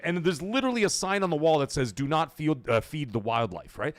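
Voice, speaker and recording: A middle-aged man from Canada hosting a live gaming stream, telling stories in a rambling way, cursing freely and getting loud when he is excited. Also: fairly high pitch, quick pace, dry recording, soft background music. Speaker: livestream host. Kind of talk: casual live-stream chat.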